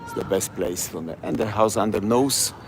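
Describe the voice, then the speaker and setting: A Polish-accented man talks his way down city streets as a tour guide, in halting, chatty English. His voice sits low, and traffic and street sounds hum clearly behind him. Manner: chatty, broken English, repeats place names. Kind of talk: live-streamed walking tour. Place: outdoors on city streets at night.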